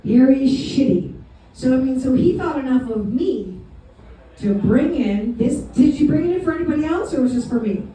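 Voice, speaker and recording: A woman's voice: sits high, animated, a little fast, mellow, very echoey, far from the mic, poor audio. A woman doing a bawdy, confessional stand-up set in a pizza restaurant, laughing at her own jokes. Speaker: stand-up comedian. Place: pizza restaurant comedy night.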